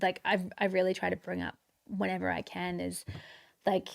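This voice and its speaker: A woman, an actress guest on a podcast, chatting casually in loose, relaxed run-on phrases. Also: on the low side, normal speed, vocal fry.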